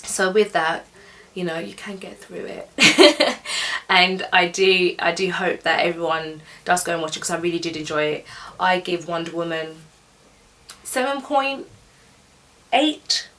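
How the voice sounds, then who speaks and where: A woman's voice: fairly low pitch, fairly even intonation, normal speed, fairly bright tone, far from the mic. A young woman giving a casual, chatty, opinionated film review, laughing as she goes.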